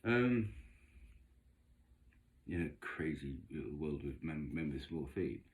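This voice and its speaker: A man talks in a very low voice that still swoops widely up and down. His chatty, gossipy rambling about tarot cards and neighbours is full of camp asides. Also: animated, slow. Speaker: vlogger doing tarot readings. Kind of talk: casual rambling monologue.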